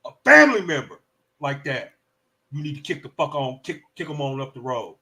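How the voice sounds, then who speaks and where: A man's voice: fairly high pitch, a little fast. A man hosting a live stream, giving heated, profane commentary and now and then slipping into mocking voices. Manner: animated, profane, slips into mock voices.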